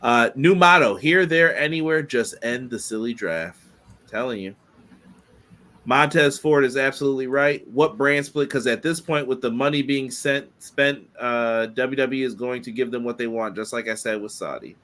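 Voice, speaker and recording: A man co-hosting a casual wrestling podcast, giving animated, quick opinions with many fillers. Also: mid-range voice. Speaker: podcast co-host.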